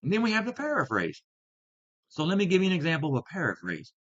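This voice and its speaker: Deliberate man explaining Bible versions. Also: fairly high pitch, huge pitch swings, a bit bright. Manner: deliberate, stresses key words. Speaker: Bible teacher. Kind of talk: explanatory video talk. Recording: slightly dull lo-fi sound.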